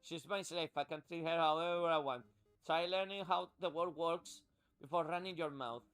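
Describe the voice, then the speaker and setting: A man's voice: fairly high pitch, fairly even intonation, normal speed, fairly bright tone, clean tone, faint music behind, close to an everyday voice. A man reading out the lines of a haughty, cruel noblewoman who owns a slave, with a scornful manner. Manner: scornful, contemptuous. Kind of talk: reading game dialogue aloud.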